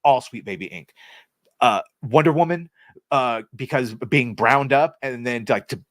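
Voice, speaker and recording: A man's voice: medium pitch, a little slow, a bit bright, dry recording. A man in an average register rants through a casual podcast chat, sarcastic and loose with his swearing. His voice sits close and dry on the mic, with no room sound around it. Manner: ranting, sarcastic, swears freely. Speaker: co-host.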